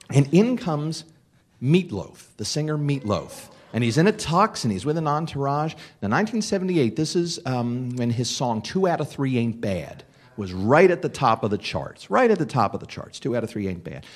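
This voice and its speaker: A middle-aged man, a comedian, telling a casual anecdote in an animated way, with restarts and laughs. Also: medium pitch, normal speed, slightly rough. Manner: animated storyteller with many restarts. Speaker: comedian guest telling a story.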